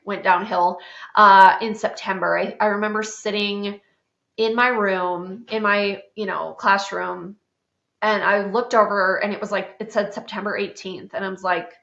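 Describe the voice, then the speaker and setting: A woman's voice: mid-range voice, a bit bright. A woman in her thirties from South Dakota, hosting a podcast and telling her own story in a chatty, candid way, full of "like" and the odd swear word. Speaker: podcast host. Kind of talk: casual personal storytelling. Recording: roomy, slightly dull podcast sound.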